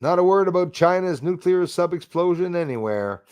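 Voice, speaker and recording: A man's voice: sits high, animated, moderate pace, darkish tone, clear, resonant tone, no echo, studio quality. A man hosting a casual live stream, chatting with viewers by name and swearing casually. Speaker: livestream host.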